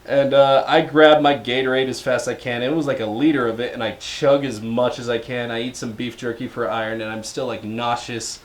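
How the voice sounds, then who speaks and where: A man's voice: medium pitch, steady tone, fairly quick, hardly any pauses. A young man co-hosting a podcast, telling a story in casual chat with profanity and frequent laughter. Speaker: podcast co-host.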